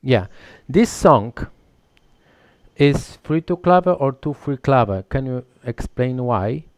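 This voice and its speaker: A man co-hosting a live online dance lesson, asking questions in halting, broken English with many restarts. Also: mid-range voice, expressive. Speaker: co-host.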